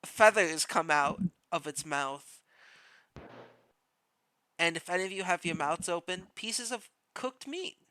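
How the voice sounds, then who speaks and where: A man running a tabletop game as game master, narrating events slowly and deliberately. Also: sits high, lively intonation, pushed and bright, smooth, low-quality recording.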